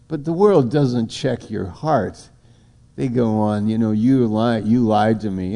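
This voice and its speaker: A man's voice: mid-range voice, unhurried, creaky, a little mellow. A man preaching an informal sermon, rambling and conversational. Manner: rambling, conversational, acts out little dialogues.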